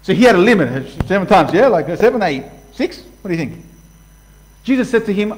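A man preaching a sermon passionately, swinging from loud outbursts to hushed lines and acting out voices. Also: high-pitched, sing-song, moderate pace, rough recording. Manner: acts out voices for illustration. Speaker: pastor.

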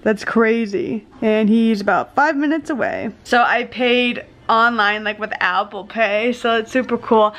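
A woman's voice: fairly high pitch, unhurried, few pauses, fairly bright tone. A young woman chatting casually in a home vlog, a bit out of breath and tired, sometimes cooing at dogs in baby talk. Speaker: vlogger. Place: house, indoors.

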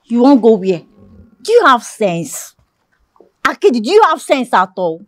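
An actress with a Nigerian accent playing a scheming, sharp-tongued woman who mocks a servant. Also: a little high, big pitch swings, measured pace, no echo. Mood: mocking. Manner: sarcastic, mocking. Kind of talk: film acting.

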